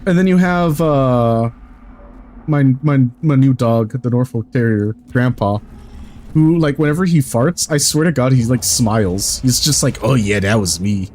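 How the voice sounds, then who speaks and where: A man's voice: mid-range voice, unhurried, a little mellow, slight background noise. A man streaming a game, chatting casually in a rambling, jokey way and swearing freely.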